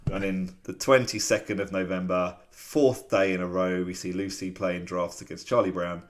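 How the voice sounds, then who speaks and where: A man with a low, deep voice, talking in a loose, rambling way full of ums and small laughs. He co-hosts a casual podcast chat. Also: fairly even intonation, moderate pace. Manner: chatty and rambling, with many fillers and laughs. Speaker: podcast co-host.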